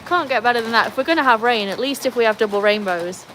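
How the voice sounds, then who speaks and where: A British woman with a fairly high voice hosts a relaxed livestream from under a tin veranda roof while rain falls. She chats easily, reads out her viewers' comments and calls to her dogs. Faint background noise sits under her voice. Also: fast, low-quality recording. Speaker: livestream host. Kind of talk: casual livestream chat. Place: covered tin-roofed veranda during rain.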